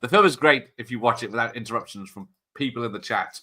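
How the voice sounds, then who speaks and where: A man's voice: medium pitch, quick pace, pushed and bright, slight background noise. A man hosting a watch-party stream, chatting and joking through rambling tangents. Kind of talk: casual live-stream commentary.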